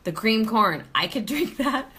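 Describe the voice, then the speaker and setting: Chatty woman with a lively, bright voice. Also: on the high side, measured pace, slight background noise. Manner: chatty, greets viewers by name, laughs often. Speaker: host of a live sales stream. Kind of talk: casual live-stream chat. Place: home, near the kitchen.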